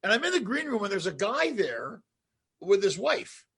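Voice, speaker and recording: A man hosting a casual interview chat, telling a rambling, animated story and laughing along the way. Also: high voice, normal speed, breathy edge. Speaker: host.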